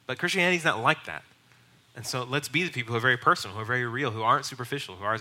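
A young male pastor teaching in an easy, conversational way and slipping into quoted voices. His tone is very bright and forward, and his pitch sits in the middle of the male range. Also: lively intonation, rapid-fire. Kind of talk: sermon teaching.

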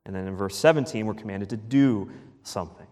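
A man preaching a sermon as pastor, emphatic, repeating key phrases and dropping to a hush at the ends of lines. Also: lowish voice, fairly quick, long reverb tail.

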